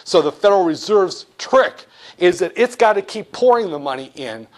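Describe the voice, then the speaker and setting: A male economics instructor lecturing in an animated, blunt way, with jokey asides. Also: high voice, moderate pace. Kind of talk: lecture with acted-out role-play.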